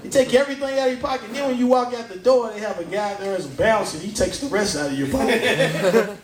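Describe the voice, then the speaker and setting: A man's voice: high-pitched, quick pace, roomy sound. A man performing a stand-up comedy set on a pub stage, chatting with the crowd and laughing at his own jokes.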